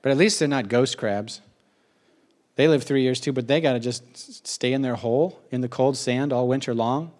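A middle-aged man in a casual spoken monologue, rambling and emotional, with quick asides and a lot of repetition. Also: mid-range voice, darkish tone.

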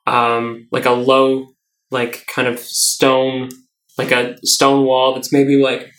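A man's voice: medium pitch, monotone, slow, fairly bright tone. A man at a tabletop game who argues his point carefully, stopping for "um" and "like". The voice rings in a roomy space. The mic is some distance from him. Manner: reasoning, hesitant with fillers. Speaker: player. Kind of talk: casual tabletop game chat.

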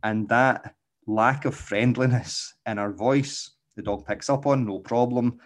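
A man's voice: medium pitch, a little slow. A man hosting a podcast as a dog trainer, explaining casually and tagging nearly every point with "okay?", with frequent restarts.

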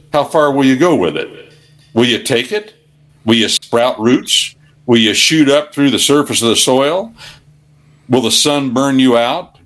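A man's voice: medium pitch, fairly bright tone. An older man, a guest on a talk radio show, telling folksy, rambling stories and preaching in a plain, homespun way.

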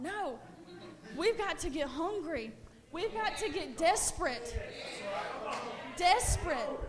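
A young woman delivers a sermon in a high, bright register. She preaches with passion, stacking short repeated phrases as she rises toward shouting. Her delivery is earnest and urgent. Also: animated, slow pace, crowd noise. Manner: impassioned, builds to shouted repetition.

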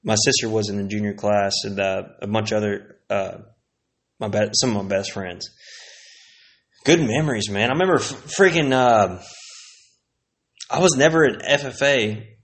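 A man's voice: lowish voice, normal speed, long pauses. A man from Texas hosting a casual solo podcast, rambling through old memories with plenty of swearing. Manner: rambling, profane, laid-back, sipping whiskey. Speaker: podcast host.

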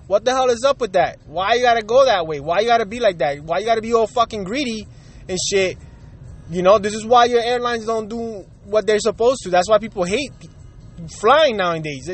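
A Puerto Rican man hosting his own show, venting in a heated, profane rant aimed straight at his listeners. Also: sits high. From Puerto Rico. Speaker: podcast host. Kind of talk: angry rant.

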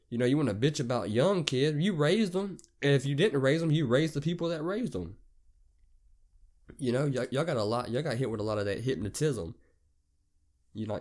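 A man's voice: mid-range voice, a little mellow. A young man with a Southern US accent, hosting a podcast and telling profane, rambling stories in a casual rant. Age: young adult. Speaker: podcast host.

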